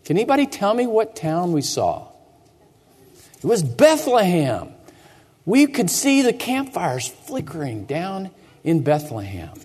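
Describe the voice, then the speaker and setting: Man, pastor, slow dramatic storytelling, echoey church hall. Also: sits high, huge pitch swings, breathy edge. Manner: theatrical, drops to hushed tones and asks the children questions. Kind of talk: dramatic first-person storytelling for children. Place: church sanctuary.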